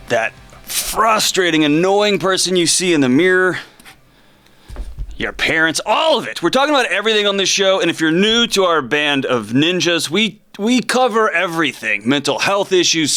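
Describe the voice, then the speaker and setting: A middle-aged man hosting a talk show from a studio, talking with animated energy and sarcastic, joking asides. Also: high-pitched. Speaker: host. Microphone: close studio mic.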